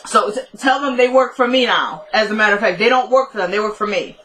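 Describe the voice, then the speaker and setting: A woman giving a casual, opinionated recap of a TV episode. She talks in a chatty way, with quick asides and jokes. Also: on the high side, a bit bright, poor audio. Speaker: TV episode reviewer.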